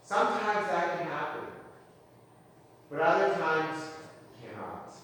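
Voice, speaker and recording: Earnest male preacher with a high voice, heard from a distance in a booming hall. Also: sing-song, slow pace, a bit bright, a little hiss or hum. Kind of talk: sermon with storytelling. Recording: echoey hall, distant mic.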